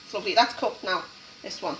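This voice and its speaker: A woman's voice: mid-range voice, fast talker, a bit bright. A woman hosting a casual cooking demonstration in a home kitchen, chatting and encouraging while she works. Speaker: cooking show host. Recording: echoey kitchen, mic at a distance, background noise.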